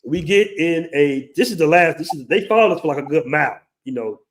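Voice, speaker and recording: A man in his forties with a fairly high voice spins a tale in casual talk. He is animated, acting out the people in the story and cussing casually along the way. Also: fairly quick. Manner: animated, acts out quoted voices, swears casually. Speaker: host.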